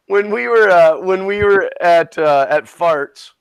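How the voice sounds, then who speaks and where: Chatty man from Minnesota, slightly high voice. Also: slow pace, vocal fry, smooth, no echo. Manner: chatty storyteller, laughs easily. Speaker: co-host of a livestream. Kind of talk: casual chat.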